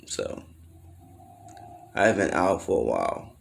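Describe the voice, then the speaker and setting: A man's voice: low voice, big pitch swings, a little slow, gravelly. A man telling a personal story in a casual, rambling way, full of slang and swearing, now and then acting out what others said. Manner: loose slangy storytelling, acts out quotes in raised voices; swears freely, trails off with fillers.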